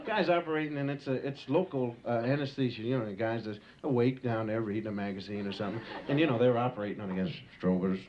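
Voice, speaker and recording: A man's voice: medium pitch, quick pace, few pauses. Rambling man telling stories on stage, muffled tape. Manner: loose, rambling, full of "you know". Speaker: stand-up comedian. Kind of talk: live stand-up storytelling. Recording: muffled home tape of a live show with audience and hiss. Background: audience laughter and tape hiss.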